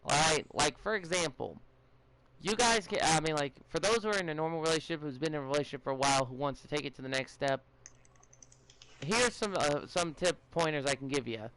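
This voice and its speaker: A man's voice: a little high, a little fast, fairly bright tone, low-quality recording. A young man hosting a casual podcast, rambling and giving advice with many fillers, restarts and stutters. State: a bit out of it, stuttering.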